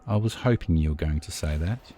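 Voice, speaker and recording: A man voicing Zack, a calm and menacing old vampire leader, speaking solemnly and with command. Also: very deep voice, a little fast, a little hiss or hum.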